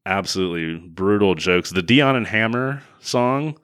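Male co-host, low voice, sardonic movie-recap chatter. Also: expressive, moderate pace, fairly bright tone, smooth. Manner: sardonic, acts out quoted characters. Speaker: podcast co-host reviewing a film. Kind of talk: casual chat recapping a movie.

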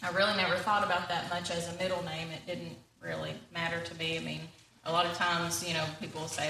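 Lady giving a church talk, lots of ums, bright voice, echoey hall from a ways off. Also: fairly low pitch, little pitch movement, vocal fry, a little hiss or hum. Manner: informal, halting, with many fillers and self-deprecating humor. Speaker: church speaker. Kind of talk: sermon-style talk. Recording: echoey room, voice from a distance.

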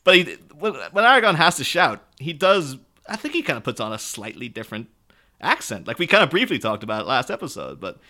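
An Irish man in casual podcast conversation about films, animated and quick to laugh. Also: fairly high pitch. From Ireland. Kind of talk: casual film discussion.

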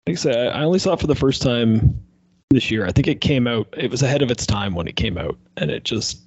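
Husky-voiced man chatting about movies. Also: mid-range voice, lively intonation, brisk, darkish tone, no echo, muffled recording. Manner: laughing, joking, rambling. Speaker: podcast co-host. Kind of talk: casual movie chat.

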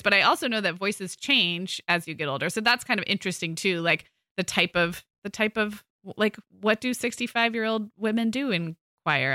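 A woman's voice: medium pitch, pushed and bright, no echo, studio quality. A middle-aged woman co-hosting a podcast, chatting casually with plenty of fillers and restarts. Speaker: podcast co-host. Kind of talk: casual chat.

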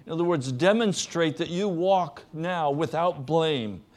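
A middle-aged male pastor preaching with a slow, deliberate pace. His voice sits a little high, and he often drops into a soft, low register. The delivery is earnest. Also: expressive. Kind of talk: sermon.

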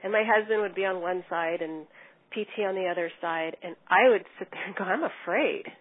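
A middle-aged woman telling her own recovery story in an earnest, measured way with small restarts. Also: fairly low pitch, steady tone. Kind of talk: personal storytelling. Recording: tinny phone-like line.

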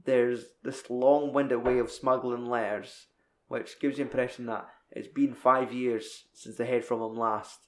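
A man's voice: mid-range voice, fairly even intonation, a little slow. A young man in casual chat, recapping a film in a rambling, sweary way. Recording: echoey room.

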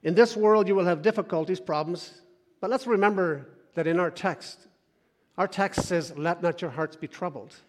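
Impassioned pastor in an echoing hall. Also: male voice, sits high, normal speed. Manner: impassioned, swings between loud urging and soft hushed asides. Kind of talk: sermon. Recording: long hall reverb.

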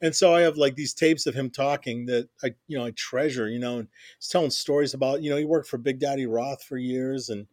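A man's voice: medium pitch, fairly even intonation, a little fast, no echo, clean studio sound. Middle-aged man telling rambling stories. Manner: rambling, stacked restarts, constant "you know". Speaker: interview guest, music journalist. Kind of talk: casual storytelling interview.

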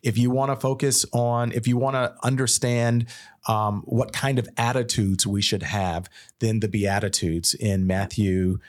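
A man, a pastor co-hosting a Bible podcast, talking in a thoughtful, halting way with frequent restarts. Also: lowish voice, steady tone. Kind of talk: casual Bible discussion.

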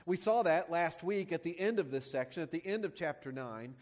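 A man's voice: a little high, animated, fairly quick. A man preaching a sermon as a pastor, praying and then teaching with rhetorical questions and emphatic repetition.

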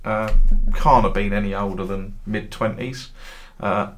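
A man's voice: on the low side, fairly even intonation, unhurried, a bit bright. A middle-aged man who hosts a football trading group, telling meandering anecdotes with dry humour and casual swearing.

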